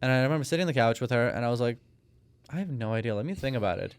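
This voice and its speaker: A man in his thirties, born in Russia, talks through his story as a podcast guest, stopping and restarting often. His voice is smooth and clear. The mic is close and the sound is dry, with no room around it. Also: mid-range voice, lively intonation, racing, no room sound. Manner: storytelling, hesitant with many restarts and fillers. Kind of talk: conversational interview.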